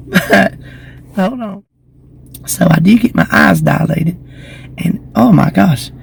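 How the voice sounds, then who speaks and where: A slightly hoarse woman, chatting to her phone camera outdoors in the shade and telling gossipy stories. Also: medium pitch, a little mellow, a little hiss or hum, poor audio. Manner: chatty, gossipy storytelling with giggles. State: slightly hoarse from lingering illness. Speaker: vlogger. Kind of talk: casual chat to camera. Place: outdoors in the shade beside a building.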